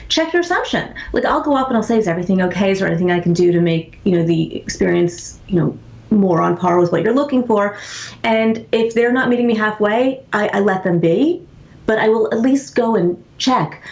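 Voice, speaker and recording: A woman being interviewed as an author, telling stories in an animated way and acting out quoted voices. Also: mid-range voice. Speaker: author and guest. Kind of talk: conversational interview storytelling. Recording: echoey, dull lo-fi sound.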